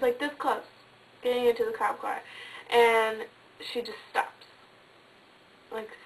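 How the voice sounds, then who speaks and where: A woman casually telling a ghost story in a chatty way with lots of fillers, sometimes dropping to a hush. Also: on the high side, recorded from a distance, a little hiss or hum, low-quality recording. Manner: chatty, many fillers, drops to hushed tones.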